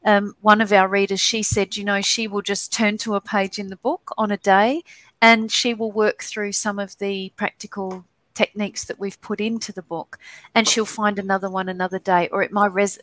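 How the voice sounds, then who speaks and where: A woman co-author talks steadily about her book over a video call. Her voice is mid-pitched and sounds dry, with no room around it. She speaks informatively, with a few restarts. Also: fairly bright tone, no echo. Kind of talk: casual interview chat.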